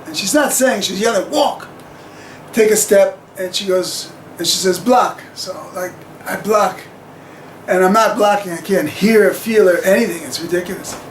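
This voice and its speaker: A man's voice: high-pitched, moderate pace, echoey room, slight background noise, low-quality recording. A man telling a personal story to camera in a rambling, chuckling way with plenty of fillers.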